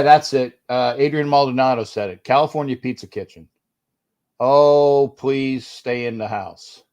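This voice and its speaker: Brief: male host, mid-pitched voice, annoyed rambling livestream talk at home. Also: a little mellow. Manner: grumbling, irritated, repeats and restarts phrases. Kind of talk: casual livestream chat.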